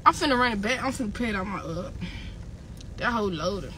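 A woman's voice: medium pitch, lively intonation, fast talker, sharp tone, slight background noise. A woman rapper ranting angrily on a livestream. She swears constantly and keeps hammering the same insults and phrases. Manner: heated, profane, repeats insults. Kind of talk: angry livestream rant.

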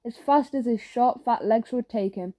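A woman reads a children's audiobook with lively storytelling flair. Her voice is warm and mellow, pitched slightly high, and she speaks at a normal speed.

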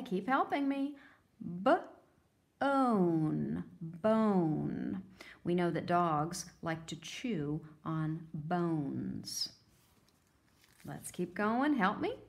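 A woman's voice: lowish voice, creaky. A woman teacher giving a phonics lesson to young children, sounding out words letter by letter.

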